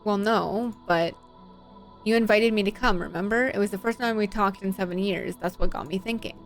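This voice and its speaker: A woman's voice: medium pitch, moderate pace, faint music behind, close to an everyday voice. A woman voicing an anxious young woman scientist who speaks hesitantly, trying to placate her father. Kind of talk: voicing visual novel characters.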